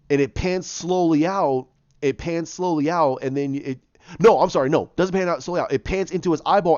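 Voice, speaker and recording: A man's voice: on the high side, darkish tone, dry recording, highs cut off. Rambling man retelling a movie plot. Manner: rambling, many restarts and repeated words. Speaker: fan pitching his own movie plot. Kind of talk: casual spoken retelling.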